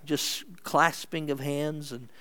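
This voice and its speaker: A male pastor delivers a sermon in an unhurried, deliberate cadence, letting each phrase settle. His voice is smooth and resonant and sits a little high for a man. He is earnest throughout, pressing hard on some words and dropping almost to a murmur on others. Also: steady tone. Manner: earnest, measured preaching with sharp swings between emphatic and hushed delivery.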